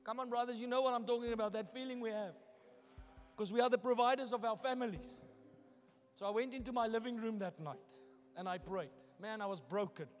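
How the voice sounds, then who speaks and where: A male pastor preaching a sermon, moving from hushed, personal storytelling to loud, daring challenges to the congregation. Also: very high voice, fairly quick, big-room sound. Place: church hall.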